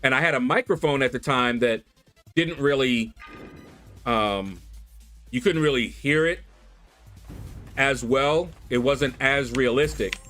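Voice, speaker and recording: A man from Kentucky hosting a relaxed livestream chat, telling animated stories with laughs and playful voices into a desk microphone. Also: mid-range voice, unhurried, pauses often. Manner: animated storyteller, laughs, squeals in mock voices. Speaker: livestream host. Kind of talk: casual chat with viewers. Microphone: desk USB microphone. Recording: faint background music.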